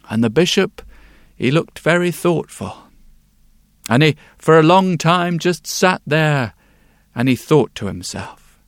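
Guy telling a tale, slightly high voice, dead dry close sound, slow dramatic pauses. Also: animated, no echo. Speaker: storyteller. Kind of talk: told folk tale.

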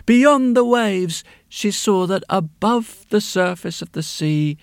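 A man's voice: high voice, expressive, slow, gravelly, clean tone. A man telling a story in a dramatic way, often dropping to a whisper. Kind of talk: spoken storytelling to music.

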